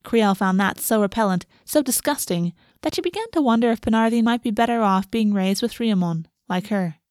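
A woman narrating a storybook in a steady, even reading voice. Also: on the high side, fairly quick, no echo, studio quality.

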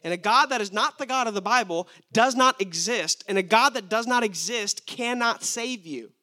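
A man's voice: high voice, moderate pace, pushed and bright. A young man preaching a sermon, emphatic and asking his listeners rhetorical questions.

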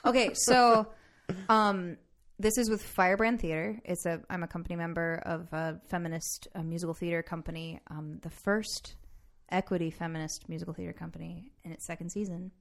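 A young woman, a musical theater actor, chatting casually with many likes and quick laughs. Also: lowish voice, fairly even intonation, vocal fry. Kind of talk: casual chat.

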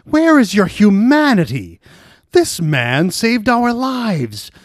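A flamboyant convict pleads and jokes with showy theatrical flair, as a man voices him. His voice is high and animated, close and dry. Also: slow, no room sound, exaggerated voice. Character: campy, theatrical male convict, flamboyant and kind.

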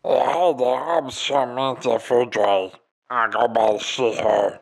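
A man's voice: mid-range voice, very animated, a little slow, fairly bright tone, rough recording. A man voicing a bumbling alien woman envoy who rambles in folksy, rustic grammar, in an improv comedy scene. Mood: rambling.

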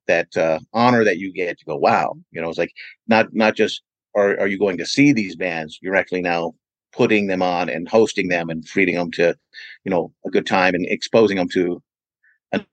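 A Californian man, a guest on a podcast, answers interview questions with long, rambling stories sprinkled with "you know"; he promotes events and is a radio DJ. His voice sits low, and the low-quality recording has no room sound.

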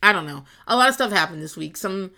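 Bright-voiced rambling, profane woman podcaster. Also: animated, fast, gravelly. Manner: rambling, profane, laughs often, jumps to squealing high voices for quotes. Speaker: podcast host. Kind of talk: casual solo podcast rant. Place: garage.

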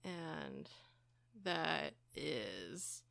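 Slow, hesitant woman with a gravelly voice. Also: low-pitched, sing-song, fairly bright tone, no room sound. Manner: slow, hesitant with many fillers. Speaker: tabletop game player. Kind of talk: casual tabletop role-play.

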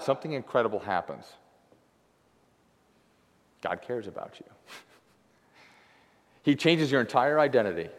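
A young adult man giving a sermon as a guest preacher, talking in a loose, conversational way with lots of filler words. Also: medium pitch. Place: church sanctuary. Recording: long hall reverb.

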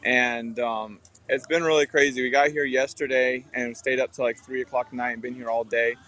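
A man giving a casual, relaxed report from outside an auditorium, with many fillers. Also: mid-range voice, moderate pace. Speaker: guest reporting on location. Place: outdoors by an auditorium.

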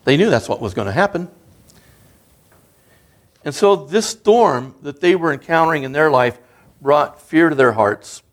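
A man's voice: on the high side, expressive, unhurried, long pauses. Earnest man preaching a sermon. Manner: earnest, conversational preaching with rising emphasis. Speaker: guest preacher.

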